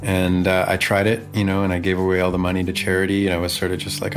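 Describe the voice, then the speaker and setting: A musician talking casually, an animated storyteller who speaks fast and fills his sentences with fillers and restarts. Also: sits low, faint music behind.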